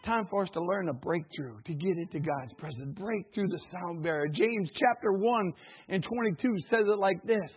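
A pastor preaching a sermon in call-and-response style, swinging between loud and hushed passages. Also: male voice, high-pitched, lively intonation, moderate pace, breathy edge. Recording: tinny phone-like recording.

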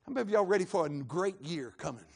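Male preacher, high-pitched, scratchy-throated, fervent call-and-response delivery. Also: expressive, fast, creaky, breathy edge. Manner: builds to fervent shouting, calls for responses. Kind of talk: live sermon to a congregation.

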